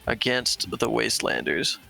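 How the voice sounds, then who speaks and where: A man's voice: medium pitch, animated, moderate pace, vocal fry, bright, forceful tone, soft background music, low-quality recording. A man co-commentating a game match, keeping track of the score, the clock and the bracket.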